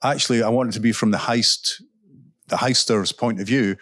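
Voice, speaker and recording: A man's voice: mid-range voice, steady tone, normal speed, fairly bright tone, dry recording. Chatty male author with a dry sound. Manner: chatty, anecdotal, with frequent uh and um and self-corrections; laughs while telling stories. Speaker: author guest at a literary festival. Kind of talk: casual onstage storytelling and Q&A. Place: stage at a live event.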